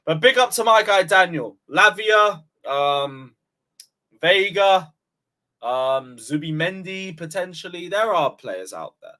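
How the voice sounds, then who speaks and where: A man's voice: high voice, lively intonation, slow pace, sharp tone. A man streaming live, reading super chats in a mocking, tired way. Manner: mocking, tired, says he is exhausted. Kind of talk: casual live-stream chat.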